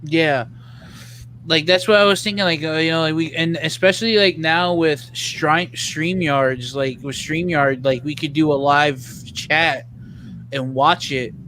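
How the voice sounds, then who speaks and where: A man's voice: a little high, a little slow, bright, forceful tone, slight background noise, rough recording. A man rambling casually with lots of fillers as a co-host. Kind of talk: casual chat.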